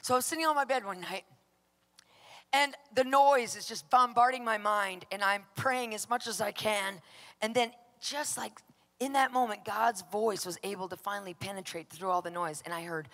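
A woman's voice: fairly high pitch, a bit bright, big-room sound. A woman minister giving a personal testimony, telling it emphatically and dramatically and acting out her own outbursts.

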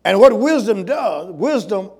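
A man preaching a sermon with emphasis, swinging from loud calls to low, quick asides. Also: big pitch swings, husky. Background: congregation.

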